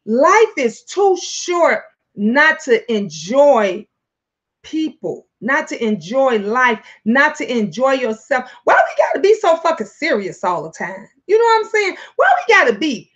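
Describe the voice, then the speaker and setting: A woman hosting a casual livestream chat, loud, playful and profane, laughing often. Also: sits high, sing-song, normal speed, few pauses, dull audio. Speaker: livestream host.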